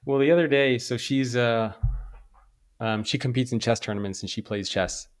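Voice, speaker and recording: A man hosting an interview, telling a story in a casual, energetic way with many fillers. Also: mid-range voice. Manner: fast, energetic, full of fillers. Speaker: host.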